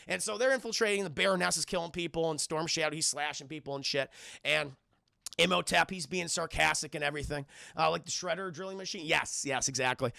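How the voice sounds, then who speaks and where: A man casually recapping a film to his live chat, rambling, swearing and excitable, keeps calling out to the chat. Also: fairly high pitch, fast, gravelly, no room sound, studio quality. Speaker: film reviewer streaming to chat.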